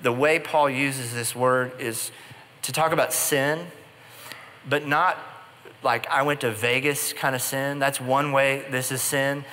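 Bright-voiced preacher in a reverberant hall. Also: male voice, mid-range voice, steady tone, a little slow, a little hiss or hum. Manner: conversational storytelling with playful asides. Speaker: pastor. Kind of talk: sermon.

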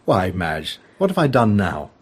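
A man's voice: low-pitched, very animated, measured pace, slightly rough, heavily acted. Mild, self-deprecating man Gerald. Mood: genial. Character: man Gerald, modest and easygoing. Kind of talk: radio play acting.

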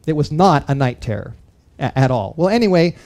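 A man's voice: a little high, animated, fairly quick, a little mellow. A middle-aged man gives a personal testimony to a live audience, in an earnest, conversational storytelling way that speaks to his listeners. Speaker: guest speaker.

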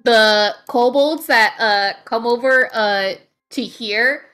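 A woman running a tabletop role-playing game as game master, narrating with many pauses and fillers. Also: fairly high pitch, fairly bright tone, smooth. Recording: faint music behind.

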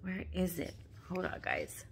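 A low-pitched woman speaks through tears and sniffles, pausing often to search and apologize. Her talk is casual and emotional, like a personal devotional vlog where she reads from her notebook. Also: huge pitch swings, slight background noise. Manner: halting, searching, full of fillers and apologies. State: tearful, sniffling. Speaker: vlogger sharing devotional reflections. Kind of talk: emotional devotional vlog, reading journal aloud.

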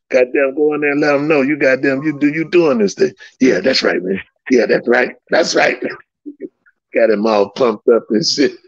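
Gravelly, animated storytelling man. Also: fairly low pitch, no room sound. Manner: animated, profane, laughs often, reenacts dialogue. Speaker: guest recounting old stories. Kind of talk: casual profane storytelling. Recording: slightly dull lo-fi sound.

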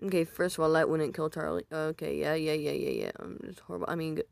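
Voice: mid-range voice, steady tone, fast talker, creaky, no echo. Casual YouTuber reacting to comments, self-mocking, recorded dry at a home mic. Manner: self-deprecating, rambling, reacts aloud. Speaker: YouTuber reading viewer comments.

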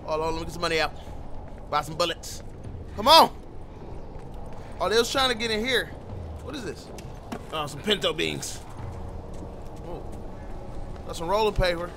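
A man giving live gameplay commentary, loud and excitable, with profane play-by-play reactions. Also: high-pitched, moderate pace, pauses often, slight background noise.

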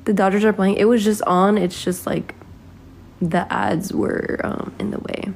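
Chatting on a home live stream, a woman of about twenty reads viewers' comments out loud and breaks into snatches of a song, phone held at arm's length. She speaks unhurriedly in a medium-pitched, darkish voice with vocal fry and little pitch movement, over a faint hiss or hum.

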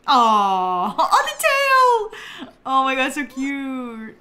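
Young woman, high bright voice, unhurried, giggly game commentary, talks to the characters. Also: very animated. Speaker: streamer. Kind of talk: casual gameplay commentary.

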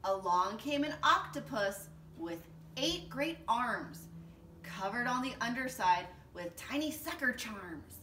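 A woman teacher reading a picture book aloud to children in a slow, expressive storytelling voice. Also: fairly high pitch, a little hiss or hum. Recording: roomy echo, distant mic, faint ambience.

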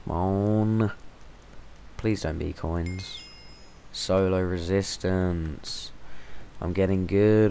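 Low-voiced excitable gaming commentator. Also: male voice, slow, vocal fry, a little hiss or hum. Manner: chatty, excitable, with sudden exclamations. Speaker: gaming channel host. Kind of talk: gameplay commentary. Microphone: temporary stand-in mic.

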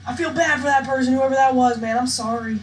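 Excitable woman yelling over gameplay. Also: high-pitched, fast talker. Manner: excitable, bursts into loud shouts and cries, slangy. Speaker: gaming channel host. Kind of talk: live gameplay commentary. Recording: echoey room with faint noise.

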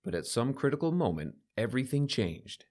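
A man's voice: medium pitch, sing-song, fairly quick, darkish tone. A man narrating a first-person story in a confiding, scripted manner.

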